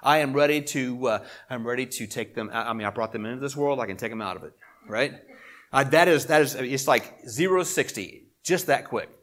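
A middle-aged man preaches to his congregation in an easy, talking manner. He leans hard into key points and then pulls back to quiet, almost confiding asides. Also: medium pitch, lively intonation, fairly quick. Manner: conversational preaching with emphatic swells and quiet asides. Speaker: pastor. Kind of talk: sermon.

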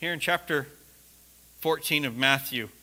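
A man preaching a sermon, telling a personal story with laughter and sudden shouted lines. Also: on the high side, measured pace.

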